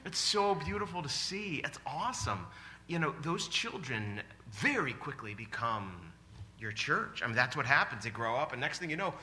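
A man in his forties preaching a sermon in a church, animated and exclamatory, often laughing. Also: on the high side, normal speed, a little hiss or hum. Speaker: pastor. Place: church sanctuary.

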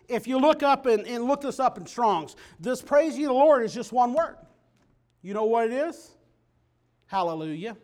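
A man preaching a sermon, dropping low and quiet then rising to loud, emphatic declarations.

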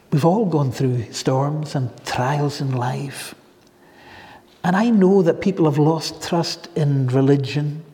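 A man's voice: a little high, warm tone. A man preaching a sermon, telling a story in an earnest way and lingering on his phrases. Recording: long reverb of a large hall.

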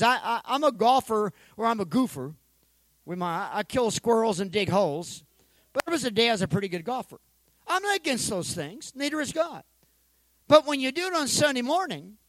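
A male pastor preaching an energetic sermon, calling for responses from the congregation and joking in between. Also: very high-pitched, no echo, low-quality recording. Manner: joking asides.

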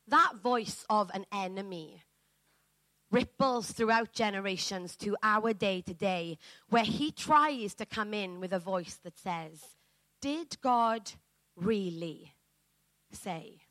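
A woman's voice: mid-range voice, slow pace, sharp tone, dry recording, poor audio. A woman preacher giving a sermon, reading scripture and building to fervent, earnest emphasis. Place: church.

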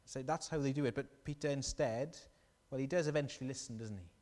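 A man delivers a sermon in a church hall. He tells the story with animation and keeps asking his listeners questions. His voice sits at a middle pitch and rings out with a long reverb. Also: a little fast, darkish tone. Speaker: preacher.

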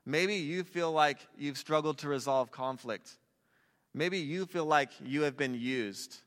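A man preaching a sermon in a relaxed, conversational way, with jokey asides to a young audience. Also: fairly high pitch, unhurried. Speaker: pastor. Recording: long hall reverb.

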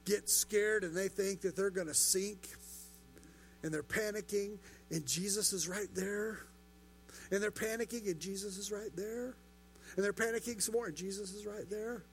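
A man's voice: sits high, moderate pace, slight background noise. A pastor preaching a sermon, building his points through rhetorical questions and repetition.

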